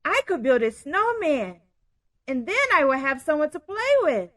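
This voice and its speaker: A woman voicing an eager young male bear cub who cries out with excitement. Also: high-pitched, moderate pace, dry recording, studio quality, pitched above the performer's own voice.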